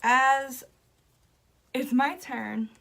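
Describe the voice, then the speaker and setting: A woman's voice: high-pitched, extremely slow, gravelly. A young woman vlogger casually recounting a story, laughing often and acting out the people she quotes. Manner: animated, laughing, acts out quoted voices.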